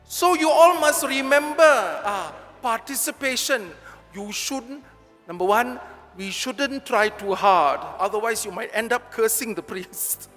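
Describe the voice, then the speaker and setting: A man's voice: extremely high pitch, animated, measured pace, a bit bright, long reverb tail, faint music behind. A priest with a Malaysian English accent, giving a chatty, joking homily straight to his congregation in a large church.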